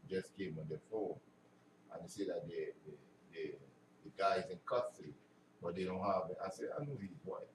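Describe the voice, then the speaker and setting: Deep-voiced man far from the mic. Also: fairly even intonation, normal speed. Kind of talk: call-and-response with the lecturer. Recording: echoey room, mic far off, faint noise.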